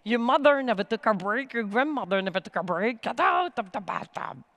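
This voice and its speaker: A nagging inner voice of guilt, played by a woman, bossy and scolding. It barks short, sharp commands in a raised, pushy tone. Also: fairly high pitch, expressive, fairly quick, long reverb tail.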